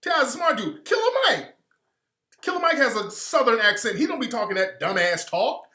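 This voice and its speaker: A man's voice: very high voice, sing-song, fast talker, bright, forceful tone, roomy sound. A man from Alabama giving an emphatic, opinionated monologue as a commentator, hammering his points home with repetition. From Alabama, US South.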